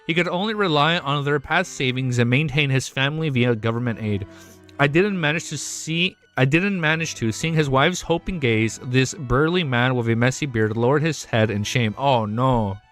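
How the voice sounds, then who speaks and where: A man streaming live, reading a novel aloud and breaking off into excited, swearing reactions. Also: medium pitch, moderate pace, faint music behind. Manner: excitable, swears often, sudden loud outbursts.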